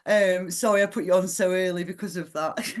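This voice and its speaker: A woman hosting an open mic poetry night, chatting casually and warmly, calling people mate and laughing often. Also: on the low side, moderate pace. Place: live poetry night venue.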